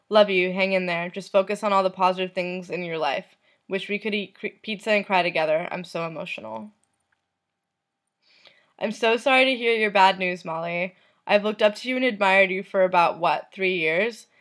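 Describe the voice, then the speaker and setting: Soft-spoken woman reading messages aloud. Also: lowish voice. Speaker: vlogger.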